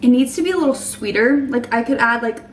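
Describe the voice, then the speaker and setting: A young woman in her twenties chatting casually to camera as she makes a smoothie, saying "like" a lot and sometimes trailing off into soft murmurs. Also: fairly high pitch, quick pace, reverberant, far from the mic, a little hiss or hum, low-quality recording. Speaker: lifestyle vlogger. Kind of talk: casual vlog chat. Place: home kitchen.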